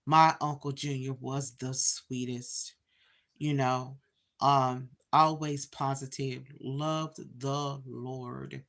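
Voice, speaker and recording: Low-voiced woman in her fifties chatting live. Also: flat delivery, slow pace, fairly bright tone. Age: 50s. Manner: chatty, talks straight to viewers with many "you know"s. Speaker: livestream host. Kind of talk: casual livestream chat.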